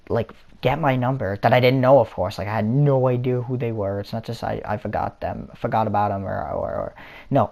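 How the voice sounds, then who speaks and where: A man's voice: medium pitch, vocal fry, a little mellow. A young man casually telling a story in a vlog, rambling with lots of fillers and restarts. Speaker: vlogger. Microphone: console or headset mic.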